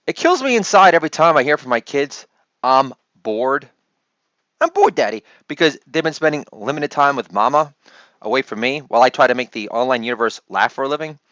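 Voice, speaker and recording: A man doing a brash, rambling solo comedy monologue and shouting out catchphrases. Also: medium pitch, lively intonation, quick pace, no echo. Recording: dull lo-fi dry recording.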